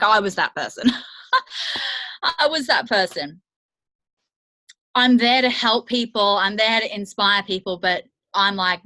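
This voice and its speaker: A network marketing coach with a medium-pitched, sharp-toned voice runs a motivational training call for her team over video. She talks candidly and chattily, using many fillers, and the audio is poor.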